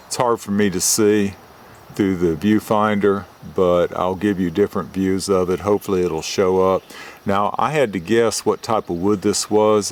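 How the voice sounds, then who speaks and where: Older man, low pitch, methodical hobbyist reviewer, outdoor camera-mic audio. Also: a little hiss or hum. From United States. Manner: plain, methodical, explains details slowly. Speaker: retired forester reviewing knives. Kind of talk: show-and-tell knife review.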